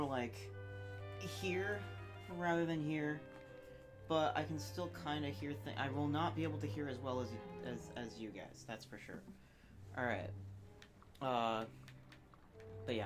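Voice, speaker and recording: A streamer in a relaxed live-stream chat at home, rambling with lots of fillers and reading game text aloud between asides. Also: mid-range voice. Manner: rambling, chatty, frequent fillers and self-asides. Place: home, lounging on a couch.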